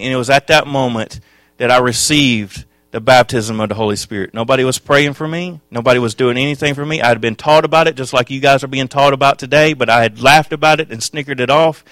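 Man, preacher, sermon testimony, impassioned, swings from quiet to loud, mid pitch, dry. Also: a little fast, dry recording.

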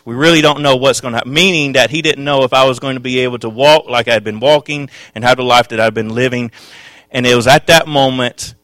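A man preaching a sermon, telling his own testimony with passion, dropping to a hush and then rising loud. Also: mid-range voice, dry recording. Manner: impassioned, swings from hushed to loud.

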